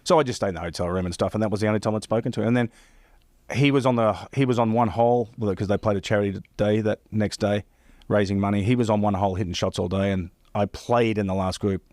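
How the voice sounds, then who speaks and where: Fast-talking man spinning a story. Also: fairly low pitch, darkish tone, no room sound, studio quality. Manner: rambling, repeats himself, acts out phone calls in quick bursts. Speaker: professional caddy telling stories. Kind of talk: casual storytelling chat.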